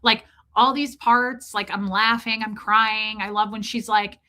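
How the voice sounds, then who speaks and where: A woman hosting a livestream, telling a comic story in a casual, profane, animated way and calling out viewers in the chat by name. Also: medium pitch, measured pace. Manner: animated, profane, ranting, reads chat names aloud. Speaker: livestream host.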